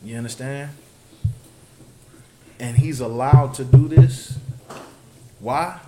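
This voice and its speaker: A man's voice: mid-range voice, slow pace. Male teacher, insistent preaching delivery, echoey room with background noise. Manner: emphatic, keeps asking "you understand?". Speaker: teacher leading a scripture study. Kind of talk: preaching to a group. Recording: roomy, noisy recording.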